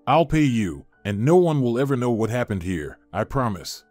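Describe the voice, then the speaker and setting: A man's voice: mid-range voice, big pitch swings, moderate pace, a little mellow, no echo, faint music behind, natural voice. A man voicing a cheerful, well-dressed stranger who talks in a persuasive way.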